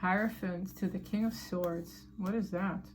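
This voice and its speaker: A woman's voice: fairly low pitch, fairly even intonation, a little slow, noisy background. A woman giving a casual tarot reading to her viewers, chatty and emphatic, with slangy asides. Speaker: tarot reader.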